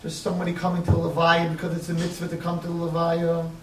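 A man's voice: on the high side, monotone, quick pace, a bit bright, a little hiss or hum. A man preaching an impassioned sermon that builds into crying pleas. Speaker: rabbi. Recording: echoey, distant mic, faint ambience.

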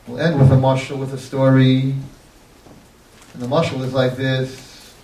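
A man's voice: mid-range voice, little pitch movement, measured pace, warm tone, a little hiss or hum. A man preaching an impassioned sermon that builds into crying pleas. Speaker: rabbi. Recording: echoey, distant mic, faint ambience.

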